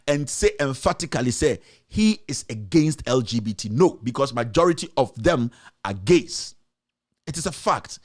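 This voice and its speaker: A man with a Ghanaian accent, delivering a combative, repetitive political rant as a commentator. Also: on the high side.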